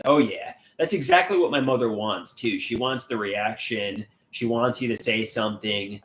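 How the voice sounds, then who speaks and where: A man's voice: medium pitch, normal speed, hardly any pauses, fairly bright tone. A man hosting a casual livestream, reading chat comments aloud and rambling with many repeated, restarted words. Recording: echoey room.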